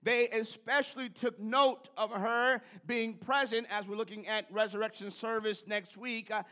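A man's voice: high-pitched, steady tone, normal speed, sharp tone. A man preaching a sermon in a church, calling out to the congregation and building in fervor. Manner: preacherly, call-and-response with the congregation. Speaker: pastor. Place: church sanctuary.

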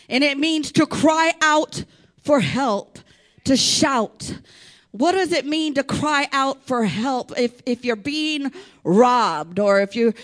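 A woman preacher delivering an impassioned sermon, rising into shouts and urging the congregation to respond. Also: a little high.

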